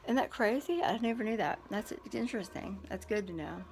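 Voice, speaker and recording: A woman recounts a run-in for her viewers, talking bluntly and with clear indignation. She is chatty and quick to editorialize. Music plays clearly behind her voice. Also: medium pitch, lively intonation, darkish tone. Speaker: vlogger. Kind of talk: casual storytelling to camera.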